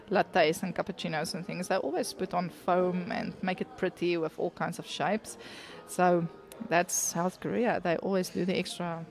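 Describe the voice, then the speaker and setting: A woman's voice: fairly low pitch, gravelly. A woman co-hosting a casual faith chat, earnest and heartfelt, recorded in a coffee shop. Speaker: co-host.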